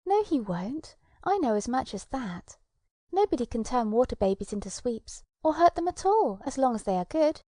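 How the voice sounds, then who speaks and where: A woman voicing a gentle little girl who speaks earnestly and pleadingly, in a storybook reading. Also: on the high side, sing-song, normal speed, no echo, studio quality.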